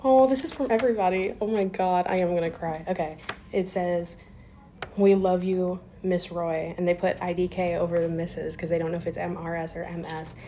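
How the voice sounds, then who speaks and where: In a school classroom, a young woman who works as a school aide talks casually to her phone camera for a vlog, emotional and near tears, with lots of fillers. Her voice is on the low side, mellow and steady at a moderate pace, with a little hiss or hum in the audio.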